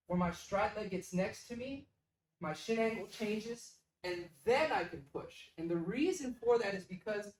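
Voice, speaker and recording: A pitching coach explaining drills in an instructional way, stressing key words with emphasis. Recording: echoey room, mic at a distance.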